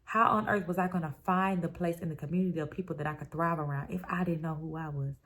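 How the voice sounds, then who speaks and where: A woman hosting a motivational podcast, talking in an emphatic, playful and conversational way with slang, and easing into soft, earnest encouragement. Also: low-pitched, fairly even intonation, quick pace. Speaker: podcast host.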